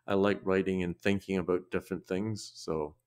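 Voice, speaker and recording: An older man with a very low voice talks as a guest on a podcast interview. He speaks reflectively and haltingly, often restarting his sentences. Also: fairly even intonation, darkish tone, smooth. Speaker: podcast guest, probiotics researcher. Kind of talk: casual interview chat.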